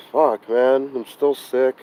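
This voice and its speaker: A sick man live-streaming from outdoors beside a car, swearing, sighing and venting his frustration, sounding hoarse and burnt out. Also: mid-range voice, fairly even intonation, slow pace, warm tone, a little hiss or hum, low-quality recording. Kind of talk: live-stream vlog, talking to chat.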